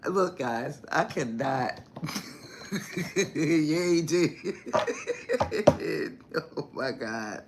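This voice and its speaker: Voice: mid-range voice, expressive, very slow, long pauses, fairly bright tone, a little hiss or hum. A spiritual reader hosting a casual livestream chat with viewers, swearing freely, laughing often, teasing, and calling the audience baby and honey. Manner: affectionate address, calls viewers baby and honey. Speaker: spiritual reader and channel host.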